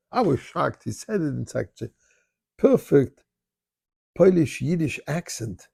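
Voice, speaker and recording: A rabbi tells a personal story in an animated voice, dark and gravelly with a husky edge. The sound is dry and close, and he rattles off prayer lines at speed before slowing down for the story. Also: on the high side, no room sound. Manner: animated storyteller, recites Hebrew prayer at rapid pace. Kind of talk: spoken storytelling. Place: Montreal.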